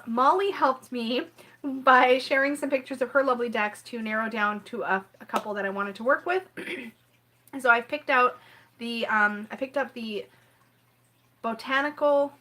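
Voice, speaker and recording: A woman tarot reader hosting a casual live stream from home, rambling, apologetic and clearing her throat now and then as she chats with viewers. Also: sits high, normal speed, bright, forceful tone.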